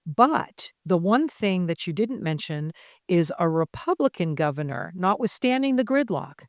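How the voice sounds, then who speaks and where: A middle-aged woman moderating a panel discussion on stage, brisk and joking as she prompts the panelists. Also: lowish voice, very animated, no echo, clean studio sound. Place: conference stage.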